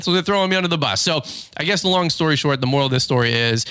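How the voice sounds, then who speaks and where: A man hosting a business podcast in a chatty, energetic way, telling stories from his garage studio. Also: medium pitch, quick pace, clean tone, no room sound. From Michigan. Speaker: podcast host, lawn business owner. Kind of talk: casual podcast talk.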